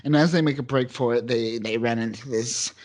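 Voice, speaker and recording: Man, mid-range voice, casual podcast chat, animated. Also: mid-range voice, brisk. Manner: animated, acts out characters' lines. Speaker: podcast co-host. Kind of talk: casual comic book discussion.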